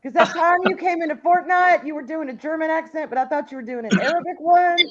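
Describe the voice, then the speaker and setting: A woman co-hosting a livestream in casual chat, blunt and animated, swearing freely. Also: high-pitched, fast talker, highs cut off. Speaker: livestream co-host.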